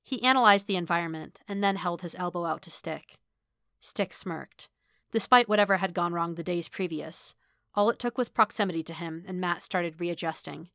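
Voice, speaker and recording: A woman reading fan fiction aloud as a podfic narrator, measured and even. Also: fairly low pitch, dry recording, clean studio sound. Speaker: podfic reader. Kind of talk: audiobook-style fiction reading.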